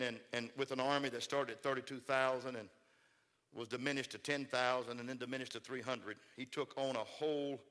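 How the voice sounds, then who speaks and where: A man preaching a sermon as pastor, building to shouted call-and-response and leading the congregation to repeat after him. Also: medium pitch, long reverb tail.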